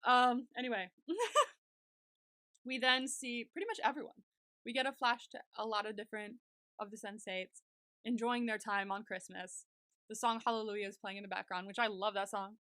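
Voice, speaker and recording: Young woman, podcast co-host, gushing casual recap chat, bright tense tone, dry close sound. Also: fairly high pitch, normal speed, no echo. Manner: gushing, chatty, heavy use of "like".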